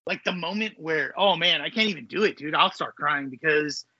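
A man's voice: on the high side, brisk, pushed and bright, no room sound. A man in his forties, a podcast co-host, chatting casually, sentimental and swearing now and then. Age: 40s. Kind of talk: casual chat. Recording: dull, lo-fi dry sound.

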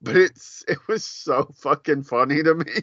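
A man with a bright, forceful voice chatting on a podcast, telling stories with animation and frequent laughter. The recording is dry and a little dull. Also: a little high, normal speed, no echo. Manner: animated storytelling, laughs often. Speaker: podcast co-host. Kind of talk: casual chat.

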